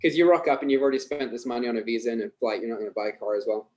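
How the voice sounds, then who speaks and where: Relaxed Scottish man telling stories. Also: mid-range voice, rapid-fire, low-quality recording. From Scotland. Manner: relaxed, chuckling storyteller. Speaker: podcast guest. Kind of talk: casual podcast chat.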